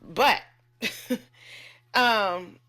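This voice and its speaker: A woman's voice: mid-range voice, very slow, sharp tone. A woman who works as a nurse, telling a story to her camera in a candid, chatty way and cursing freely. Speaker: nurse and vlogger.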